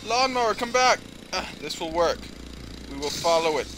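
A young man giving casual let's-play commentary, excitable and swearing, often yelling at the game. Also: high voice, moderate pace, a little hiss or hum. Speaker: gaming channel host. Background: game music and sound effects.

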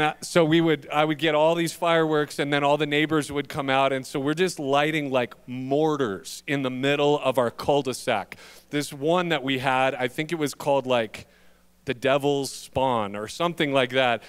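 A man's voice: fairly high pitch, a bit bright, clear, resonant tone. A male pastor in his thirties preaching a sermon, telling self-deprecating stories about being a dad with humor. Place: church sanctuary.

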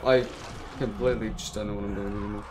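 A young man commenting casually while live-streaming a game, frustrated and swearing, breaking into sudden yelled outbursts. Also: lowish voice, fairly even intonation, fast, background noise. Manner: frustrated, swearing, bursts of yelling.

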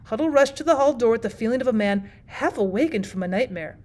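A woman teacher narrating a classic short story aloud, steady and expressive, often starting lines with "well". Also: fairly high pitch, fast talker. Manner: steady, expressive reading with frequent "well" fillers. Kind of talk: audiobook narration.

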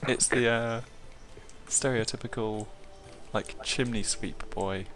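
A man with an English accent chatting casually while playing a video game, quick to joke and full of likes and restarts. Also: mid-range voice, fairly even intonation, a bit bright. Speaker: player.

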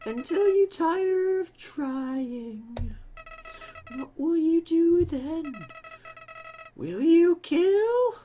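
A woman voicing a menacing male talking flower from a video game, drawing out her words in a high, sneering voice. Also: very animated, warm tone, slight background noise, exaggerated voice. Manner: high, drawn-out, sneering delivery.

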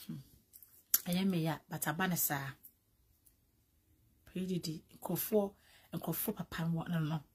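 A Ghanaian woman talks to her viewers in a casual vlog, slipping between English and Twi. Her voice is low and very husky, and she hammers her points home by repeating them. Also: darkish tone. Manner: mixes English and Twi, emphatic repetition. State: drowsy from medication. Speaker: vlogger.

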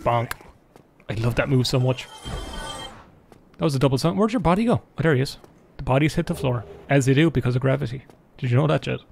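A man's voice: medium pitch, quick pace, gravelly, pauses often, a little mellow, soft background music. A young Irish man live-streaming a game alone in his room, joking and rambling to his chat as he plays. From Ireland. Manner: jokey, rambling, talks to chat while playing.

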